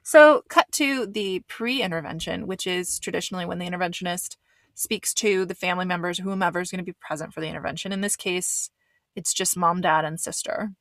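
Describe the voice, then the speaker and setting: A woman's voice: fairly low pitch, a little fast, a bit bright, no echo. A woman giving a casual recap commentary of a reality show, blunt and swearing, with lots of fillers. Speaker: reaction commentator.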